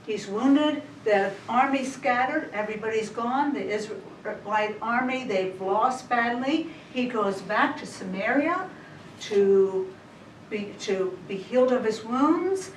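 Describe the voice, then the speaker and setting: Female Bible teacher, casual storyteller, slightly high voice, picked up from a distance in an echoey church room. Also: animated, slow. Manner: chatty, retells scripture in everyday words. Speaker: women's Bible study teacher. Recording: roomy hall, distant mic, faint hiss.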